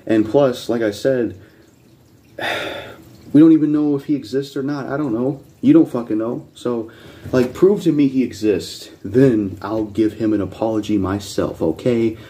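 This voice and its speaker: A man's voice: mid-range voice, a little slow, mellow. A man hosting a reaction video, ranting bluntly with heavy swearing and repeating his points insistently. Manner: blunt, profane and combative. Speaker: channel host reacting to videos.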